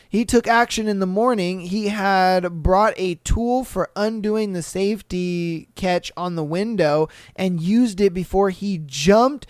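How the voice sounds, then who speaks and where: A man hosting a podcast who reads listener stories aloud and reacts to them in an animated, profane way, acting out bits in voices. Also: sits high, clear, resonant tone, dry recording, clean studio sound. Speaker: podcast host.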